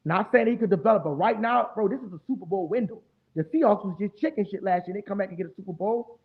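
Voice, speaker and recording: A man's voice: high-pitched, fast talker, slightly rough. Hyped trash-talking man on tinny audio. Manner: animated, profane trash talk. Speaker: fan show host. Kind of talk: casual sports talk stream.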